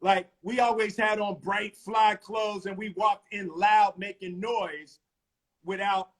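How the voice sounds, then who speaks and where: A middle-aged man from Philadelphia, a guest telling animated stories over a casual live video call and laughing often. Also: sits high, slow pace.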